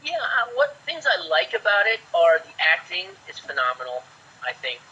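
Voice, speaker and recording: A man in his forties, an actor guest, telling chatty, lively anecdotes in a casual way. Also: high voice, normal speed, husky. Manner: lively, chatty, acts out quotes. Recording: dull lo-fi sound.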